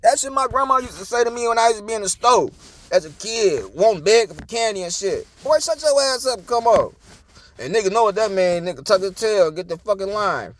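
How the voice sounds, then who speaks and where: A man's voice: sits high, a little fast, no room sound. A young man, talking in a blunt, profane, preachy casual monologue. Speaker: commentator.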